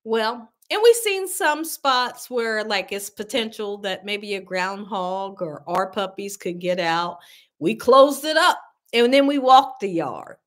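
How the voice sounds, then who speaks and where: A woman telling a story to her viewers on a casual livestream, animated and exclamatory, calling them y'all. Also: mid-range voice, slow pace. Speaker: cooking channel host.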